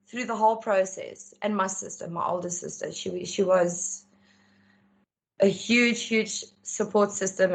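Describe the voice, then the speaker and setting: Woman telling her own story on a chat show, candid, gets lively acting out conversations. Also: mid-range voice. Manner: candid, animated when acting out dialogue. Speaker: interview guest. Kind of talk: personal storytelling.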